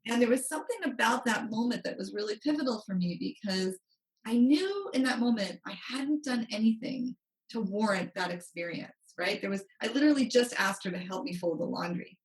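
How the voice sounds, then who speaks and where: A woman's voice: fairly high pitch, expressive, a little fast. A woman money coach, a guest on a podcast, telling a story animatedly and acting out quotes. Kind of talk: interview storytelling. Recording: roomy, distant from mic.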